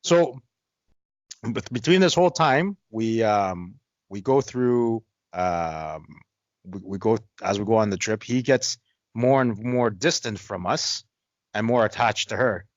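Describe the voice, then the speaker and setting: Animated man with lively pitch. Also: unhurried, no room sound, muffled recording. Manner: animated, swings into high-pitched quoting. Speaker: podcast co-host. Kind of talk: casual storytelling chat.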